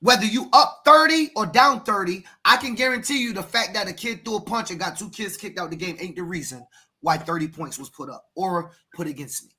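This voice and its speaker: Male youth coach, American, podcast host: bright edgy tone, preachy, stumbles and repeats. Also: sits high, lively intonation, a little fast. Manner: emphatic, preachy, repeats words and addresses co-host by name. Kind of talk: passionate podcast talk.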